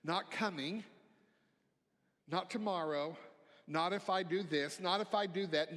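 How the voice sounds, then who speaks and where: A man preaching a reflective sermon as a minister, slow and gentle, dropping to near-whispers on key phrases. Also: high voice. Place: church sanctuary. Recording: long hall reverb.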